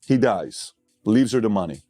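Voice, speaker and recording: A man's voice: fairly low pitch, lively intonation, normal speed, mellow, dry recording. A man giving a motivational speech, blunt and conversational, telling stories with emphatic, impassioned build-ups. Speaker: motivational speaker.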